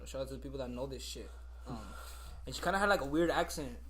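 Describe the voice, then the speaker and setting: A young man telling a profane, animated school story in a casual chat, peppered with "like" and Spanish slang. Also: mid-range voice, fast talker, slight background noise. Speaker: podcast co-host. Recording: other voices chattering behind.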